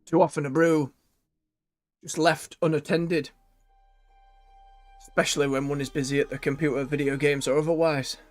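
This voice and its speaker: A man chatting casually as he plays a video game on stream, thinking aloud and correcting himself. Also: a little high.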